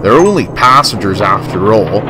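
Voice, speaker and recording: A stern, scolding old tank engine, voiced by a man, with a lively, rising-and-falling storybook delivery. Music plays underneath his firm retorts. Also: fairly low pitch, normal speed. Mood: annoyed.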